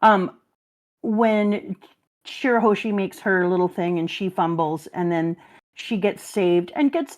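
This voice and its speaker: A woman co-hosting a live stream, chatting casually and animatedly, laughing often and acting out quotes. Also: on the high side. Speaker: stream co-host. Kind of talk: casual chat.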